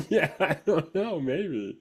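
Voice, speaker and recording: A man's voice: on the high side, sing-song, takes it slowly, darkish tone, slightly rough. A man in his thirties co-hosting a movie podcast, chatting casually and laughing often. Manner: laughs often while talking. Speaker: podcast co-host. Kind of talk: casual chat.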